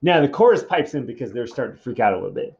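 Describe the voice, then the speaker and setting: Brief: chatty, mid-pitched male teacher paraphrasing a play, in a dull, muffled recording. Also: very animated, very fast, creaky, a little mellow. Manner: casual, chatty paraphrasing full of fillers. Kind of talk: informal explanation of a play.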